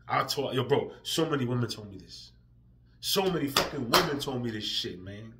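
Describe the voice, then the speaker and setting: A man ranting emotionally in a profane vlog, drifting from quiet, weary talk to loud, heated outbursts. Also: mid-range voice, expressive, moderate pace. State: emotional, near tears. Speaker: vlogger.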